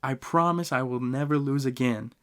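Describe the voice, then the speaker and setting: A man putting on a young swordsman from a cartoon, swearing he'll never lose again, pitched high and pushed hard. The voice sounds strained and raised, recorded on a podcast. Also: moderate pace, a bit bright, smooth, lightly acted. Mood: vowing.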